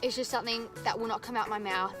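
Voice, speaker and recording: A woman's voice: a little high, fairly even intonation, fast talker, over music. A young woman, chatting candidly to camera in a rambling vlog. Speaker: vlogger. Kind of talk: casual chat to camera.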